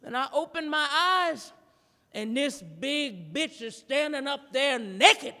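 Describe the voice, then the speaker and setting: A woman performing a standup comedy routine live, telling a story in a brash, profane, animated way. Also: high voice, takes it slowly, big-room sound. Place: live performance in a gallery space.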